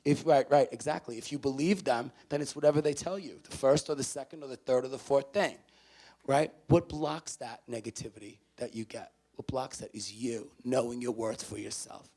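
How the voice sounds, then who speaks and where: A man speaking as a motivational speaker to a college audience. He is emphatic and repeats his key phrases, swinging from loud to hushed. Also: medium pitch, normal speed, vocal fry. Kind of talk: motivational talk to students. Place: college event before a student audience.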